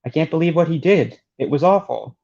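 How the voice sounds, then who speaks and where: A man's voice: a little high, expressive, a little fast, gravelly, darkish tone, voice pushed up. A man reading the lines of a frightened male fighter fleeing in panic, in a near plain voice. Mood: distraught. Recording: dull lo-fi recording.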